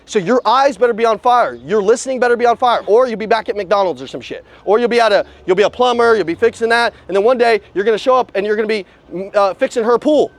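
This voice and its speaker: A man running a live sales coaching session outside at a car dealership, his voice pitched high and his words racing. He is blunt and profane and drills the trainees with one rhetorical question after another. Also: fast, vocal fry, few pauses.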